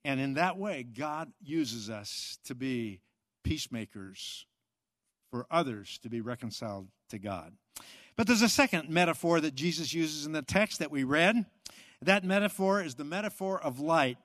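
A man's voice: fairly high pitch, expressive, normal speed, fairly bright tone, dry recording. A man preaching a sermon, emphatic and repetitive, with rhetorical questions. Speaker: pastor.

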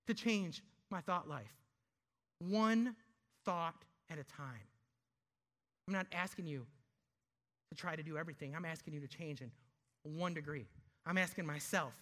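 A man preaching a sermon, emphatic, asking rhetorical questions and slowing down to stress key words. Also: a little high, fairly bright tone. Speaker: pastor.

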